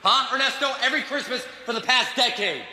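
A man's voice: very high voice, a little fast, pushed and bright, full character voice. An actor playing an arrogant, coked-up magician who berates his staff with profanity. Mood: berating. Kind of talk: film dialogue.

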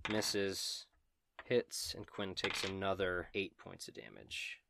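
A man's voice: sits low, big pitch swings, gravelly, heavy background noise. A man running a tabletop game as game master, narrating in a casual, profane way. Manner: casual, profane, quick asides.

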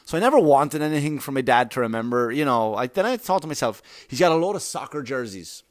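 A man's voice: mid-range voice, animated, fast, no room sound, clean studio sound. A man with an Irish accent telling rambling, profane anecdotes in casual chat, often laughing as he goes. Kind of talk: casual storytelling.

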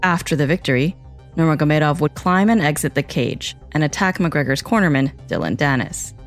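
Measured male narrator. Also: fairly high pitch, expressive, soft background music. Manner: measured, factual. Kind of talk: scripted narration.

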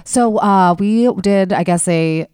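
A woman with a husky voice co-hosting a podcast, chatting casually and laughing often. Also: medium pitch, slow pace, darkish tone, no room sound, studio quality. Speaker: podcast co-host. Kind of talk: casual chat.

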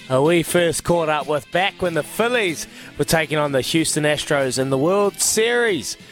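A man's voice: fairly high pitch, animated, unhurried, over music. A man hosting a radio show, playful and teasing in casual banter. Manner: playful, teasing, laughs easily.

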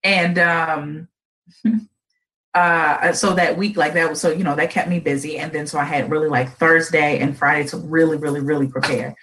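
A woman's voice: sits low, steady tone, moderate pace, a bit bright, low-quality recording. A woman hosting a casual live stream, telling a funny family story to her viewers, laughing often.

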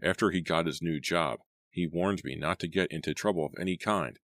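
A man's voice: sits low, fairly quick, fairly bright tone, dry recording. Guy reading a jumpy big teen boy, snappy, dry close mic. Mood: nervous. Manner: snappish, nervous. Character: big, anxious teenage boy.

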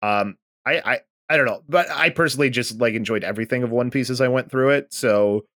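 A man co-hosting a podcast, casually recapping a manga and acting out the characters' lines with lively energy. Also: mid-range voice, a little fast, no room sound, clean studio sound. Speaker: podcast co-host.

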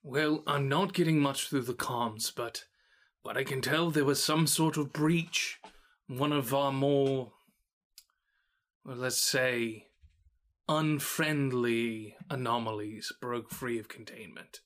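Brief: man playing a wary, dry-spoken quartermaster, guarded and measured, close to his own voice. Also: mid-range voice, steady tone, a bit bright. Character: tall, wary male quartermaster.

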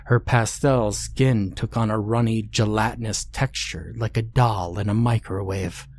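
A man narrating a scary story in a slow, deliberate, ominous scripted reading. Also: fairly low pitch, steady tone, a little mellow, slight background noise.

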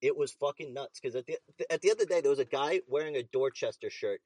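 A young man telling an animated, profane story in casual chat. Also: mid-range voice, quick pace, no echo.

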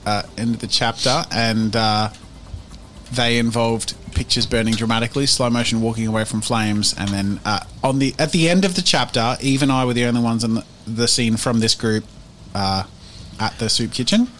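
A man's voice: mid-range voice, normal speed, fairly bright tone, faint music behind. A man playing in a streamed tabletop game, chatting in a playful, giggly, apologetic way. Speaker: player. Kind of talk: casual tabletop game chat.

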